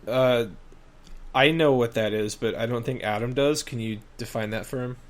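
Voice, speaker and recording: A man co-hosting a casual podcast, talking at an ordinary middle pitch. He rants in a sarcastic, profane way, piling on mocking complaints. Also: normal speed. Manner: sarcastic, swears a lot, rants. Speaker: podcast co-host. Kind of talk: casual chat.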